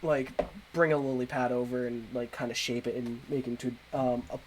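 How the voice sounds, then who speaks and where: A man narrating a tabletop game as game master, relaxed and a little halting. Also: mid-range voice, background noise. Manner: relaxed, hesitant narration with fillers.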